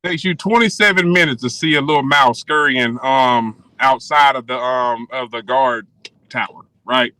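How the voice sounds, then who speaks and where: A man running a tabletop game as game master, talking casually with many pauses and fillers. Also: medium pitch, bright, forceful tone, no room sound, rough recording.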